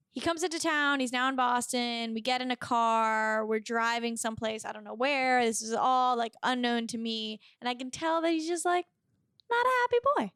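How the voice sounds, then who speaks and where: Chatty woman with a smooth, high voice. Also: dry recording, clean studio sound. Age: 20s. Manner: animated, chatty storyteller with many fillers. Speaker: podcast guest. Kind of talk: casual storytelling.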